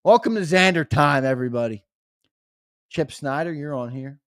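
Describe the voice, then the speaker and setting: A young man hosting a casual live stream, chatting with viewers and reading names off a list in a lively, teasing way. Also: fairly high pitch, normal speed, clean tone, dry recording, studio quality. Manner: lively, teasing, talks straight to chat with "brother". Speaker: host of a sports live stream.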